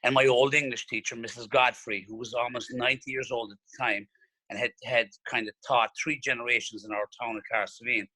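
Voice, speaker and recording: Guy, pub owner, telling a story with a ton of zing, bright and dry sounding. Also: medium pitch, fairly quick, no echo, rough recording. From Ireland. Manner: animated anecdote teller who acts out quotes. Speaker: pub and restaurant owner, guest. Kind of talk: casual storytelling.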